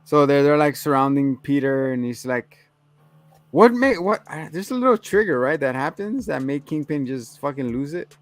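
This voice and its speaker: A man's voice: fairly high pitch, very animated, moderate pace, no echo, faint music behind. A man co-hosting a casual movie review chat, rambling through a plot recap with filler words and swearing. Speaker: podcast co-host.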